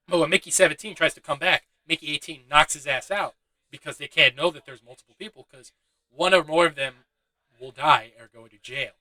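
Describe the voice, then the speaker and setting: Young guy rambling through a movie review, bright tense voice, kinda high, curses a lot. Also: normal speed, no room sound, low-quality recording. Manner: loose and chatty, swears freely, laughs at his own asides. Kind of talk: casual spoken film review.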